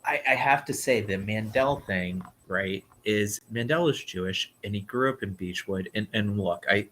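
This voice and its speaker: A man hosting a casual political chat, talking conversationally with some halting restarts. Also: on the low side, a bit bright, a little hiss or hum. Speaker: talk show host.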